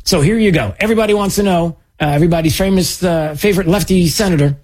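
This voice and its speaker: A man's voice: high-pitched, fast talker, darkish tone. A man hosting a political commentary show, sarcastic and mocking, with many filler words.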